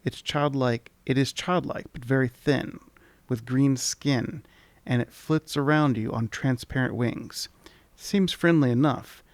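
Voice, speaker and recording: A man's voice: mid-range voice, fairly even intonation, measured pace, dry recording. A man hosting a let's play, casually reading game text aloud with commentary, often stopping to restart words.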